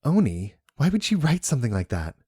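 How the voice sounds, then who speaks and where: A man putting on a shrill, greedy young woman. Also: huge pitch swings, fairly quick, warm tone, breathy edge, no echo, studio quality. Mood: baffled. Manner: shrill, whiny, demanding. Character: impatient greedy young woman, the narrator's sister.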